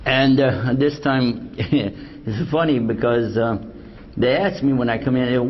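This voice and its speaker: A man's voice: medium pitch, takes it slowly. An older man giving a humorous Islamic lecture to a live audience, telling stories and acting out dialogue in a joking, conversational way. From United States. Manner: joking, storytelling, acts out quoted dialogue. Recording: dull lo-fi lecture recording with faint hiss.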